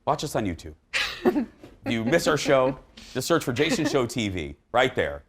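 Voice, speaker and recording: Man, middle-aged, daytime talk host, joking, lively pitch, medium voice. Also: normal speed. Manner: animated, snarky, joking. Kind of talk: casual daytime TV chat.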